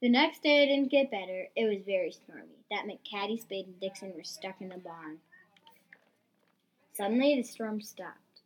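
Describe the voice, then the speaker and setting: A woman's voice: medium pitch, moderate pace, low-quality recording. Woman reading a homemade story.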